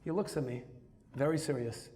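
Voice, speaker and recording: A man telling a personal story as a rabbi, lively and emphatic, dropping Hebrew and Yiddish terms into his English. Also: mid-range voice, normal speed. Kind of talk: storytelling talk.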